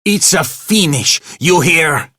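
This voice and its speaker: A man's voice: deep voice, expressive, slow, bright, forceful tone, slightly rough, no echo, studio quality, heavily acted. A man voicing a blustering theater manager who screams insults in broken English. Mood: enraged.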